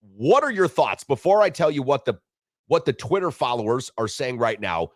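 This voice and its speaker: A man hosting a sports talk show, animated and wisecracking, with crude jokes. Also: mid-range voice, normal speed, dry recording, clean studio sound. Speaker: sports radio host.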